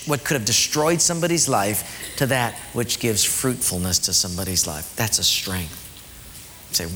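Brief: male pastor preaching, bright tone, light hum behind. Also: long reverb tail. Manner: emphatic, dropping low and quiet for emphasis. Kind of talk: sermon.

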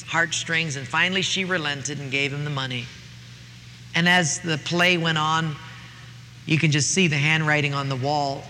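A man's voice: fairly high pitch, bright, forceful tone, slight background noise. A middle-aged man preaching a sermon, telling a story in a folksy, earnest way, recorded in a reverberant church hall with faint ambience.

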